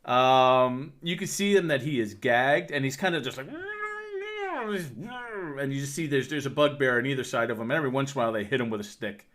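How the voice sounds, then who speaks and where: A man narrating a tabletop game as game master, laughing often and pausing with fillers as he describes the scene. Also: medium pitch, very animated, a bit bright.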